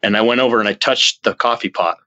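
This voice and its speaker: Low-voiced man, forceful and dry. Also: fairly even intonation, quick pace, no room sound, lo-fi sound. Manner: earnest, rambling retelling with frequent restarts and fillers; acts out his own quoted lines in a jumpy, raised voice. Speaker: podcast guest. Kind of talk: casual storytelling in an interview.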